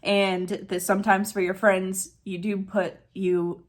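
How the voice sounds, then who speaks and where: A woman's voice: medium pitch, flat delivery, slow. A woman recapping a manga chapter in casual chat, chatty and emotional, saying "like" often. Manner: chatty and emotional, says "like" a lot.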